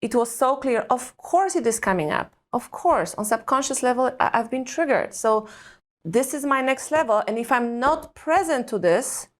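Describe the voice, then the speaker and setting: A woman's voice: on the high side, expressive, normal speed. A woman from Europe, a parenting coach talking earnestly and emphatically as a podcast guest, full of searching questions. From Eastern Europe. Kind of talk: reflective podcast interview talk.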